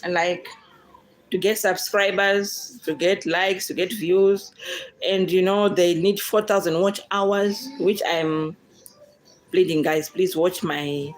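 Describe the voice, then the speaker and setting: A woman's voice: mid-range voice, fairly even intonation, slow, poor audio. A woman with a Zimbabwean accent, a native Shona speaker, chatting with viewers in a casual question-and-answer vlog, talking to them directly and laughing often.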